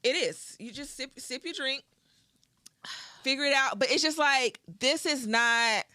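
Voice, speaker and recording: A woman co-hosting a podcast in casual chat, animated and impassioned. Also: high-pitched, no echo. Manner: fast, animated, impassioned storytelling. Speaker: podcast co-host.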